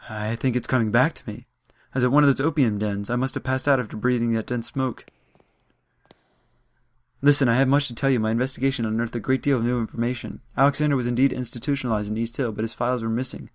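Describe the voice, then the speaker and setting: Man reading out a worried young investigator, brisk and earnest, dry sound. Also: medium pitch, fairly even intonation, no echo, natural voice.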